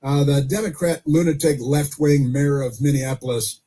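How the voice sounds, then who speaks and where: A man's voice: medium pitch, moderate pace, mellow. A man hosting a political call-in radio show, chatty, chuckling and often repeating himself. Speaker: radio talk show host.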